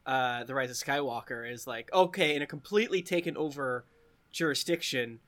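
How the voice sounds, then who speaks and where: A man co-hosting a casual podcast chat, quick and joking, rambling through his thoughts. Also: medium pitch, a bit bright. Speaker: podcast co-host.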